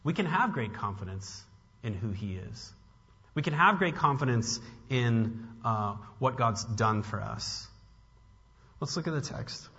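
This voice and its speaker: A pastor preaching a conversational sermon, with frequent restarts and casual fillers. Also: male voice, medium pitch, lively intonation, unhurried, a bit bright. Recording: dull sound with long hall reverb.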